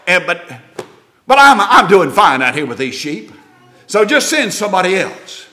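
A man's voice: sits high, pushed and bright. A man preaching a sermon in a folksy, conversational way, asking his listeners rhetorical questions.

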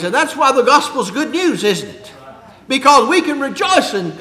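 A man preaching a sermon in an earnest way, rising to loud emphasis and dropping to hushed low lines. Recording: echoey hall, long reverb.

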